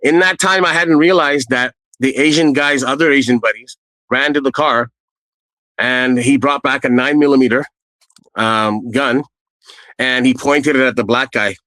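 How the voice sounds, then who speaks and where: A man's voice: mid-range voice, moderate pace, pushed and bright, dry recording, rough recording. Earnest man, dry close sound. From Canada. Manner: earnest, rambling anecdotes with fillers. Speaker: storyteller guest. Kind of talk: casual first-person storytelling.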